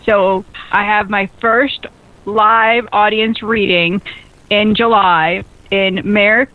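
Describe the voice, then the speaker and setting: A woman hosting a radio talk show in an excitable, bubbly way, often laughing at herself. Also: medium pitch, takes it slowly. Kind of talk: casual radio chat. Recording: lo-fi phone-like radio audio.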